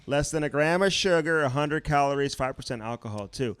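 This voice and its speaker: A man's voice: a little high, fairly quick, fairly bright tone, smooth, no echo. A man co-hosting a podcast, joking around and reading sponsor plugs in a casual, salesy way. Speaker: podcast co-host. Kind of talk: casual chat with live ad reads.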